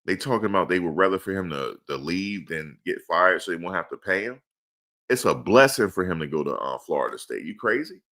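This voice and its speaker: A man's voice: deep voice, expressive, a little fast, sharp tone. A man hosting a live sports stream, answering chat with emphatic, repeated rhetorical questions. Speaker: livestream host.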